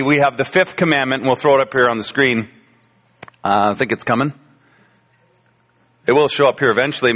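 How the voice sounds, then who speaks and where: A man's voice: mid-range voice, a bit bright, long reverb tail. A man in his forties giving a conversational Father's Day sermon as a pastor, with frequent fillers and restarts. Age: 40s. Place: church sanctuary.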